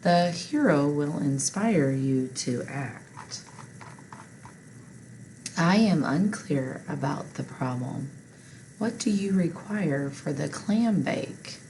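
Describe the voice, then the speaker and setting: Woman, teacher, deep voice, unhurried, encouraging, faint background noise. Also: animated, mellow, rough recording. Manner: slow, patient, encouraging. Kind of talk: phonics spelling lesson for children.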